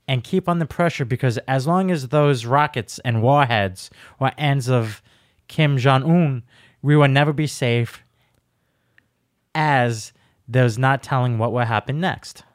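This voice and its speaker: Dude reading as a stiff polite foreign leader on the phone, no accent, plain mid voice, dry close sound. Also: male voice, mid-range voice, measured pace, no echo, natural voice. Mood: formal. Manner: formal and polite, with no accent put on. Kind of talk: comic read-through of a transcript.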